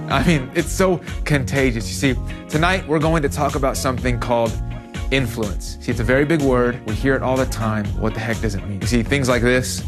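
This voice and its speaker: Animated youth pastor, faint music behind. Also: male voice, mid-range voice. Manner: conversational, animated storytelling. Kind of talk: youth sermon.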